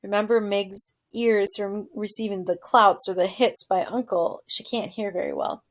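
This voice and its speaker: A woman teacher reading a children's novel aloud to her class and pausing to ask the students questions. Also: medium pitch. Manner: expressive narration with questions to students.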